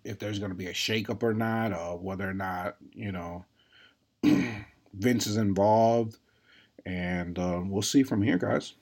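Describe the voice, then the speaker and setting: Low-voiced man hosting a casual podcast. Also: unhurried, darkish tone. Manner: laughs often, many filler words. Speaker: podcast host. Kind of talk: casual wrestling podcast chat.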